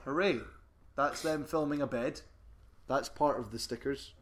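A man's voice: mid-range voice, steady tone, moderate pace. A man co-hosting a podcast, chatting casually and reading out trading card text with playful emphasis. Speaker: podcast co-host. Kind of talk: casual chat.

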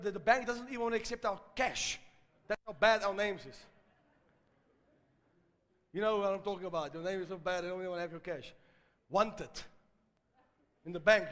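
A South African man preaching a sermon, telling stories and building to loud, emphatic exhortation. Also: high voice, big-room sound.

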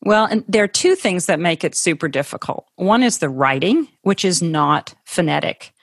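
A woman's voice: lowish voice, lively intonation, moderate pace, gravelly, no echo, studio quality. A middle-aged woman from Ohio, a guest in an interview, telling her story in a thoughtful, conversational way with some restarts and laughs. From Ohio, USA.

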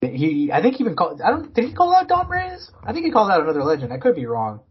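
A man's voice: sits high, huge pitch swings, fast, breathy edge, lo-fi sound. A man co-hosting a casual sports podcast, rambling with many fillers and restarts. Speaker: podcast co-host.

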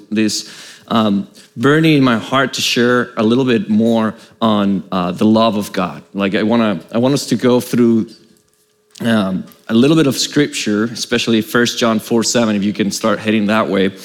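A man preaching a sermon, praying and reading scripture aloud in a loose, halting way with many restarts. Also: medium pitch.

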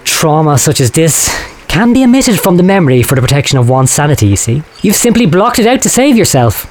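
An actor playing a sinister, manipulative male doctor, smooth and insinuating, in a comic audio drama. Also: on the high side, big pitch swings, fairly quick.

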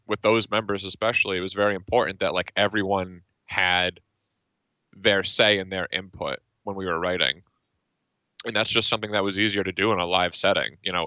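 A man's voice: deep voice, bright, forceful tone, no echo. A man, a band member, talking as a guest in a casual interview, thoughtful and full of fillers and restarts. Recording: dull, dry lo-fi sound.

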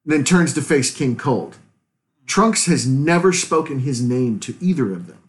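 A man's voice: mid-range voice, a little slow. A man co-hosting a podcast, talking casually and opinionatedly, often laughing. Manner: opinionated, animated fan talk with laughs. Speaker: podcast co-host. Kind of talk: casual chat.

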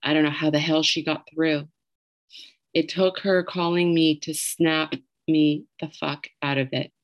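A woman's voice: low-pitched, steady tone, a little slow, highs cut off. A middle-aged woman telling a candid, emotional personal story and swearing freely as she goes.

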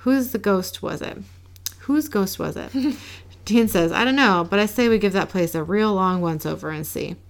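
Woman with a gravelly, low-key recap voice. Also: normal speed. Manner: reads quoted lines in a flat, low-key way with small laughs. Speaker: podcast co-host recapping an episode. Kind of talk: casual recap, reading dialogue aloud.

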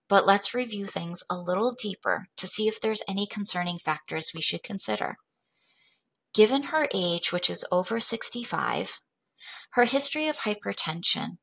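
A woman presenting a medical case study in a measured, clinical way. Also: medium pitch, creaky, a bit bright. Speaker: medical educator.

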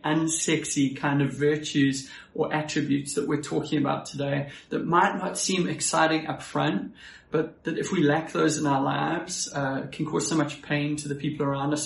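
A man's voice: a little high, creaky, echoey room, a little hiss or hum. A man with a South African accent preaching a friendly, conversational, self-deprecating sermon as a pastor.

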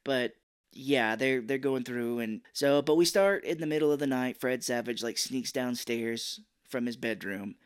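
A man co-hosting a casual movie podcast, chatting and joking, sometimes slipping into quick silly voices. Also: mid-range voice, clean tone, no room sound, clean studio sound. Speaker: podcast co-host. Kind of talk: casual movie-review chat.

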